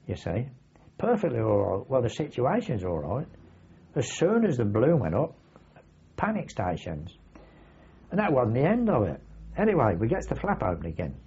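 An older man tells vivid, salty anecdotes in casual oral-history storytelling, with a husky voice. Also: mid-range voice. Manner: vivid anecdotal, salty language, acts out his own shouts. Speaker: veteran recounting wartime memories. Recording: dull lo-fi archive recording.

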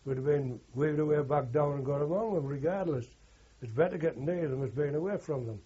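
A man's voice: on the high side, a little fast, mellow, breathy edge, muffled recording. An older man, a war veteran, telling rambling anecdotal recollections in an interview. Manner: rambling anecdotal, frequent "you know" and "like". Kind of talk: oral history recollection.

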